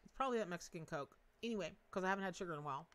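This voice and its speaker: A woman's voice: fairly low pitch, lively intonation, very fast, fairly bright tone. A middle-aged woman hosting a live tarot reading, talking in a bubbly, chatty way with frequent laughs and folksy asides.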